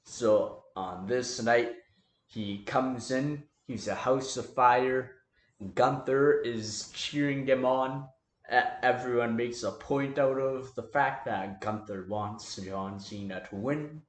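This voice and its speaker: Man, casual storytelling, rambling with fillers, slow delivery, echoey room. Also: mid-range voice. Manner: loose, rambling, filler-heavy recap. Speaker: wrestling fantasy booker.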